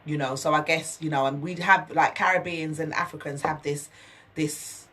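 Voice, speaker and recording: A woman's voice: low voice, fairly even intonation, moderate pace, pushed and bright, recorded from a distance. A woman co-hosting a radio talk show in a studio, chatty and telling anecdotes. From England. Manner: chatty, tells anecdotes, laughs easily. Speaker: co-host. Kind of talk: casual talk-show chat.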